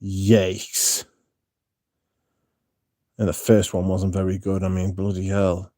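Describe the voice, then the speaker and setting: A man's voice: low voice, monotone, takes it slowly, mellow, no room sound, studio quality. A man hosting a livestream, chatting casually with viewers in a blunt, sweary, rambling way. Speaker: livestream host reading viewer chat.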